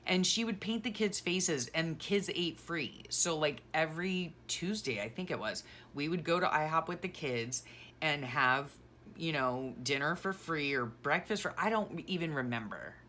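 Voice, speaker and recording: Middle-aged woman vlogger, low-pitched, sentimental and chatty, faint hiss behind her. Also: lively intonation, moderate pace, sharp tone. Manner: sentimental, gushing exclamations; rambling, self-correcting asides. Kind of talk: casual chat while packing.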